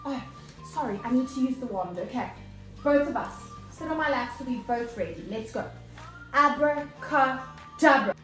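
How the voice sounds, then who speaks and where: A woman teacher, leading a children's morning lesson in an animated way, with gasps and exclamations. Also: sits high, normal speed, echoey room, soft background music.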